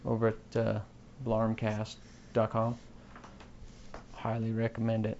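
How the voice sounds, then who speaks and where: A man's voice: lowish voice, monotone, slow pace, a little mellow, highs cut off. Podcast host, male, offhand and self-mocking, slight hiss under a home mic. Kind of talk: rambling solo podcast chat.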